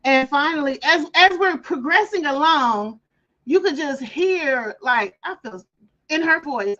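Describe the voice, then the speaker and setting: A woman with a fairly high voice chats casually on her craft livestream, spinning stories and mimicking the people she talks about. The audio sounds a little dull and muffled. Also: lively intonation, measured pace, bright, forceful tone. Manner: chatty storyteller, acts out callers' voices. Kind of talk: casual chat.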